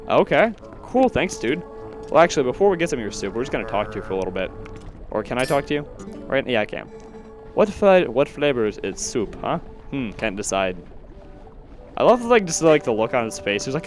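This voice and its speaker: A man narrates his gameplay after the fact, rambling and self-deprecating with frequent fillers. His pitch moves up and down in a lively way. Faint game music plays beneath his voice. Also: brisk. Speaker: let's play commentator. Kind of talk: post-recorded gameplay commentary.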